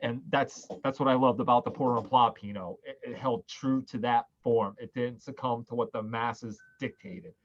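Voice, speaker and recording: A man's voice: medium pitch, steady tone, normal speed, hardly any pauses, muffled recording. A man hosting a virtual wine tasting, chatting casually and eagerly telling stories. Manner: enthusiastic storyteller, quotes people. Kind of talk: casual chat.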